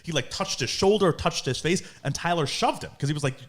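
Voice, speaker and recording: Young man telling a story on a podcast. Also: a little fast. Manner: animated storyteller, acts out quotes in high voices. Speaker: podcast co-host. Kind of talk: casual chat.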